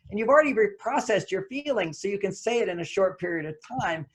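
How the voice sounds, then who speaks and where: Male guest author, high-pitched, animated storyteller giving relationship advice. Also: fast talker, hardly any pauses. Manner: animated, acts out quoted lines. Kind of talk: anecdotal advice talk.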